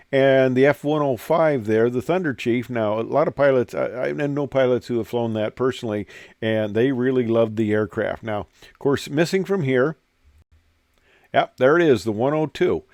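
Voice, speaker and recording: A man's voice: mid-range voice, moderate pace, a little mellow, no echo, clean studio sound. An older man and former pilot talks casually about old fighter planes, rambling with many "uh"s and restarts. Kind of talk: casual talk over pictures.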